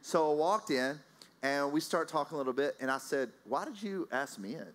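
Lively man telling a sermon story. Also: on the high side, normal speed. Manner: animated, anecdotal, many fillers and restarts. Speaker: preacher.

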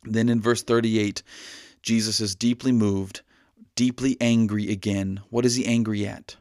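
A man preaching an earnest podcast sermon, slowing down at key lines to let them land. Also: on the low side, steady tone, a little mellow, no echo, studio quality.

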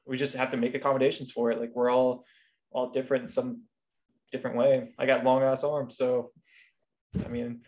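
Easygoing male co-host who tells stories in a middle-pitched voice. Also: level tone, a little fast, a little mellow. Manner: easygoing, storytelling. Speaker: podcast co-host. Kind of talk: casual podcast chat.

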